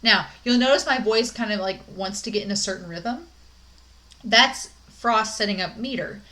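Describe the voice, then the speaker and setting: A woman's voice: medium pitch, moderate pace, pushed and bright. A young woman giving a recorded college English lecture, chatty and upbeat with many "um"s and "like"s.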